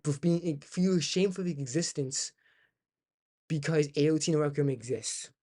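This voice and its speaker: Young male streamer, swearing reaction commentary, warm low timbre, loops phrases. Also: moderate pace. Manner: ranting, profane, repeats himself.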